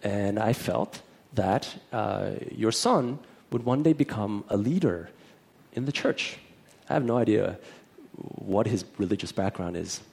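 Guy preaching, telling his story, voice jumps all over the place, kinda raspy. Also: on the low side, lively intonation, a little slow, a little mellow. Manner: chatty storytelling, acting out both sides of the dialogue. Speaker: minister. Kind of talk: personal testimony in a sermon.

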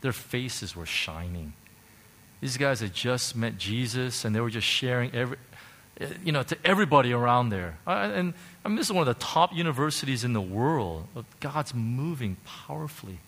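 A male pastor preaching passionately, swinging from loud to hushed as he leads an altar call. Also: mid-range voice, slight background noise. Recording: music playing under the preaching. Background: worship music.

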